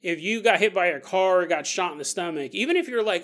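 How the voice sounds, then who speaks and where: A man's voice: sits high, a little fast, few pauses, bright, forceful tone. A man hosting a podcast on his own, talking casually, joking and laughing often, and acting out quoted voices. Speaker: podcast host. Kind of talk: casual solo podcast monologue.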